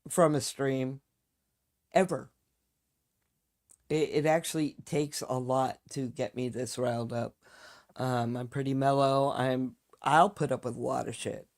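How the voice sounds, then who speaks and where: Brief: woman streamer, low voice, unhurried delivery, blunt, swears freely, fired-up rant to viewers. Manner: blunt and heavily profane. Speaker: live streamer. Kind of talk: casual live-stream chat.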